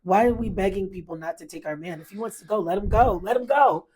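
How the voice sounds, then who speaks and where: A woman's voice: mid-range voice, quick pace, a little mellow, husky. A woman co-hosting a podcast in casual chat, laughing often through playful banter. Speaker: podcast co-host.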